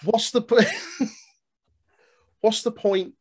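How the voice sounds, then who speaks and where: A man's voice: high-pitched, fairly even intonation, very slow, a little mellow. A British man co-hosting a wrestling podcast, ranting and swearing in casual chat. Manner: sweary, ranting, laughing often.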